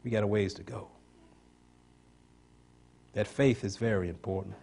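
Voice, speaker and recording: A man preaching an impassioned sermon, building to loud emphatic points and asking the congregation questions for response. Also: lowish voice, steady tone, moderate pace, creaky, slight background noise.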